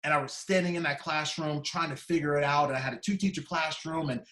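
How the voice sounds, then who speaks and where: A man's voice: fairly high pitch, steady tone, quick pace, bright, forceful tone. A man in his fifties giving a personal storytelling speech as keynote speaker, dramatic and acting out the voices in his story. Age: 50s. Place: large conference hall. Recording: echoey conference hall.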